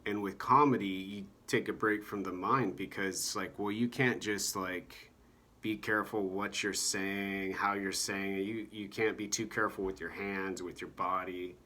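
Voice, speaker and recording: A man giving a meandering monologue about comedy, halting often and filling gaps with "you know" and "like". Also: sits low, steady tone, sharp tone.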